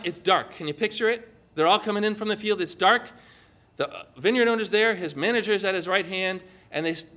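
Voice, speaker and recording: A man preaching a sermon, telling a story vividly and drawing his listeners in with questions. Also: high-pitched. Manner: animated storytelling with vivid dramatizing. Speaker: pastor.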